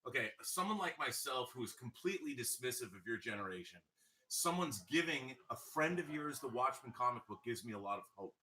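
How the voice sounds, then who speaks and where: A man hosts a relaxed interview, tossing out wry remarks and eager follow-up questions. His voice is bright and has a sharp edge to it. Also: mid-range voice, brisk, poor audio. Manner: playfully wry, jumps in with excited follow-ups. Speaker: host, interviewer. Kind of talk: casual interview.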